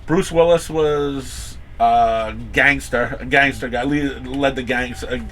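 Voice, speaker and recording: Chatty man with a bright voice. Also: medium pitch, fairly even intonation, slow. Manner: rambling, with many restarts and acted-out quotes. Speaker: comic shop owner and podcast host. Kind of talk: casual chat.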